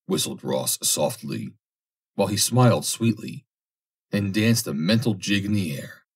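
Male audiobook reader, low husky voice, expressive pitch. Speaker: audiobook narrator. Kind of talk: audiobook reading.

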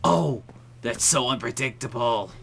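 A young man chats through a game in a crisp, bright voice. He talks in jittery bursts and trips over his words, and he sounds on edge the whole time. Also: medium pitch, expressive, unhurried, a little hiss or hum. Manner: jumpy and stammering, nervous. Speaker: gaming channel host. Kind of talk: casual let's-play chat.

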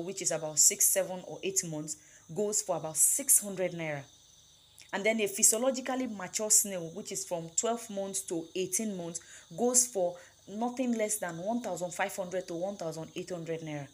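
A woman gives an emphatic farming lesson in a lowish voice, repeating key words and checking in with her listeners as she goes. Faint outdoor ambience with crickets sits behind her. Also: slight background noise. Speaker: snail farming mentor. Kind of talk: instructional talk.

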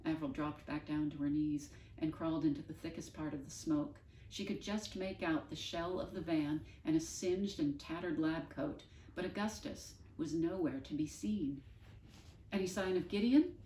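A woman reading a children's book aloud in an expressive, unhurried way. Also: low-pitched, a little hiss or hum. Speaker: storyteller. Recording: roomy, distant mic.

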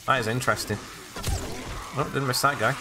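A man's voice: medium pitch, fairly even intonation, fairly quick, background noise. A man doing jokey, rambling let's-play commentary with sudden exclamations as he plays. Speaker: gaming let's-play host. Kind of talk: casual gameplay commentary.

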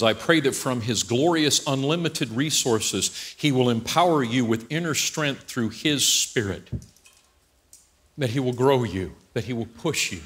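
A male pastor preaching a humorous sermon at a church service, acting out scenes and joking as he goes. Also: mid-range voice. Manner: animated storyteller who acts out scenes and jokes.

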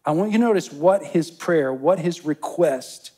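A man's voice: a little high, animated, moderate pace, mellow. A pastor preaching a sermon, reading a parable and speaking straight to his congregation with rising emphatic bursts. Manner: addresses the congregation directly.

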